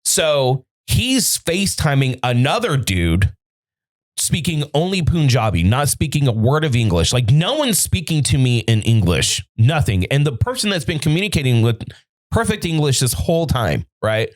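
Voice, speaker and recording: A man hosts a podcast recorded in a studio, telling a story in casual chat with plenty of swearing. He's an animated, profane storyteller who acts out quoted dialogue, speaking at a moderate pace with a medium pitch.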